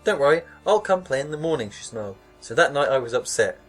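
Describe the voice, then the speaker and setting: A man's voice: medium pitch, expressive, quick pace, soft background music. A young man hosting a podcast, reading a scary story aloud and mocking it with sarcastic, swear-filled asides and frequent laughter. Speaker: podcast host reading stories. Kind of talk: comedic reading with sarcastic commentary.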